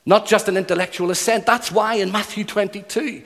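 Speaking a little fast in a high, steady voice with vocal fry and a slightly bright edge, a man delivers an earnest, emphatic sermon. He builds intensity through rhythmic repetition, and long hall reverb hangs on every line.

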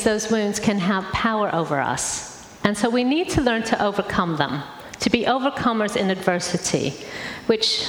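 A woman's voice: mid-range voice, a little hiss or hum. A woman giving a talk as guest speaker at a church, conversational and earnest, with frequent "um"s. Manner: warm conversational preaching with many fillers. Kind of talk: sermon talk. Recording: echoey hall, faint ambience.

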